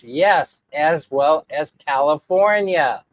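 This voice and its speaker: A man's voice: a little high, a little slow, long pauses, dry recording. A man rambling in a casual livestream chat, laughing often as he answers viewers. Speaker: vlogger reading live chat.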